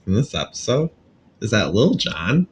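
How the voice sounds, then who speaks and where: A man's voice: lowish voice, sing-song, normal speed, slight background noise. A man co-hosting a podcast, chatting casually and cracking sarcastic jokes. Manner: joking, sarcastic. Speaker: podcast co-host. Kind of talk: casual chat.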